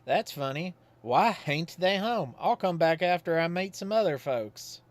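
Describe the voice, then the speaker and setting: A man's voice: on the high side, lively intonation, pitched above the performer's own voice. A man doing Godfrey, a folksy country fellow. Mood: folksy, chatty. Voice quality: folksy country dialect, drawn-out storytelling. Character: simple folksy rural man, old Godfrey.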